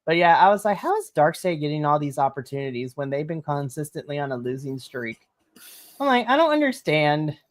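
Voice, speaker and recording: An animated woman recapping a wrestling show for a podcast, with a slightly low voice. She laughs often and slips into acted quotes of the characters as she talks. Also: a little fast. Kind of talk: casual recap chat.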